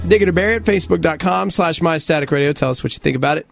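A man's voice: rapid-fire, creaky, soft background music. A man hosting a morning radio show, upbeat and joking, who says he is sick. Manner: upbeat, joking, high-energy. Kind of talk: lively radio banter.

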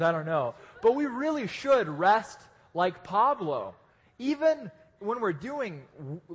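A man preaching a casual, joking sermon to a live audience, with lively restarts. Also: sits high, breathy edge. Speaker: pastor. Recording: echoey hall.

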